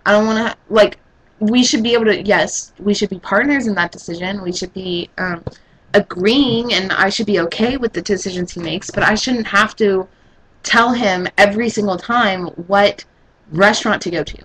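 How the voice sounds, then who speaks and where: An eighteen-year-old woman from Texas giving her blunt opinions in a casual vlog, her voice leaping high when exasperated. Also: moderate pace, a bit bright, poor audio.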